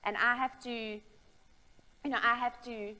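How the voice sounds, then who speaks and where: A young woman giving a candid, halting personal testimony about her recovery, with frequent fillers and restarts. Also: on the high side, level tone, sharp tone, low-quality recording. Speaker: speaker sharing a recovery story.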